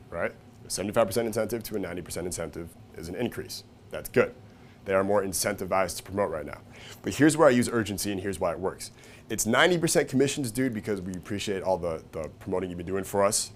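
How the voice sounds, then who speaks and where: In an energetic, swear-laden live seminar, a lower-voiced man keeps asking his audience "right?" and "okay?" Whenever he quotes people he switches into loud, high-pitched impressions, jumping dramatically in pitch and volume. The recording carries faint room noise.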